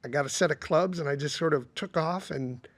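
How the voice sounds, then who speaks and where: A man's voice: a little high, brisk, a bit bright. A man who is a golf coach, a guest on a podcast, telling easygoing anecdotes. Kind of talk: casual podcast chat.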